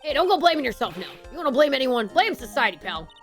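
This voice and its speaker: A gruff, friendly detective comforts someone in a loud, folksy way, as a woman streamer reads his lines. His voice is raised and easygoing. It is game dialogue read live. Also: high voice, sing-song, quick pace, soft background music. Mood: reassuring. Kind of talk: reading game dialogue aloud.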